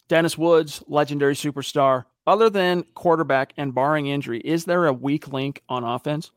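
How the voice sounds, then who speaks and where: Male podcast host, slightly high voice, lively storyteller, dry close sound. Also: dry recording. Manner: animated storyteller, acts out quotes. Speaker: podcast host reading viewer questions. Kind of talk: casual sports podcast talk.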